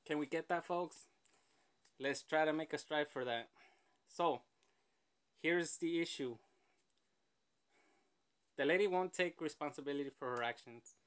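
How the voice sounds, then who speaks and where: A man's voice: a little high, unhurried, pauses often, a bit bright, smooth. A man hosting a casual reaction show, rambling and joking between clips. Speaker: host reacting to a video.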